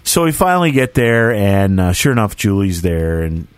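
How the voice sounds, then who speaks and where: A man's voice: fairly low pitch, normal speed, smooth, dry recording, soft background music. A man in his forties telling a family story in casual chat, acting out the voices of the people in it. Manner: animated storyteller who acts out the voices in his stories.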